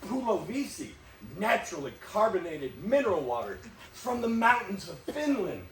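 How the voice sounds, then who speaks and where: An actor playing a harried, desperate theater staffer who scolds with exasperated insistence, in a live stage play. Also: male voice, sits high, sing-song, moderate pace, fairly bright tone. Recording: echoey stage, distant mic, faint hiss.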